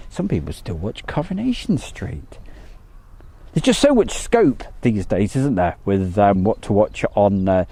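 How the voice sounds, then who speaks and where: A man hosting a live stream, chatting casually and greeting viewers by name, with lots of ums and pauses. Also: on the low side, warm tone, breathy edge.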